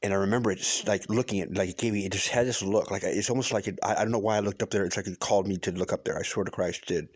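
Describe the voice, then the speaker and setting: A man's voice: fairly low pitch, steady tone, rapid-fire, hardly any pauses, slightly rough, no room sound. A middle-aged man telling a personal story in a casual, rambling way, restarting often and swearing for emphasis. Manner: rambling, with many restarts and fillers.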